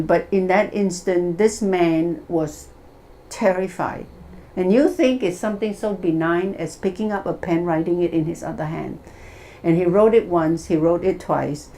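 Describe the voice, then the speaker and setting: Woman hypnotherapist teaching a workshop, lively storyteller, does the voices, bit of background hiss. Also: on the low side. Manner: animated, acts out the people in her stories. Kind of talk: wellness workshop talk with storytelling.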